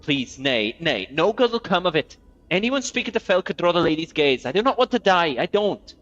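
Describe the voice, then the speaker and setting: A man's voice: medium pitch, little pitch movement, very slow, fairly bright tone, no room sound, pitched above the performer's own voice. A man voicing a scared young woman rogue in a video game, with a forced brogue full of aye and so it will, in a raised, urgent voice. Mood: pleading. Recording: dull lo-fi sound, faint music.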